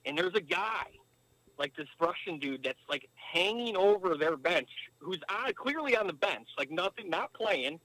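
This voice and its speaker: A man from the States tells a rambling story as a guest, with lots of fillers along the way. His voice sits a touch high for a man and swings lively in pitch as he gets going. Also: moderate pace, no room sound, rough recording. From United States. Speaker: guest, former pro hockey player. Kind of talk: casual storytelling interview.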